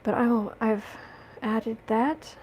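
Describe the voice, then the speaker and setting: A woman hosting a casual livestream from home, chatting with viewers and reading their questions in a relaxed, rambling way. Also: fairly high pitch, slow, background noise. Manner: chatty, coos baby talk to her cat between reading viewer questions. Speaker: tarot reader and livestream host.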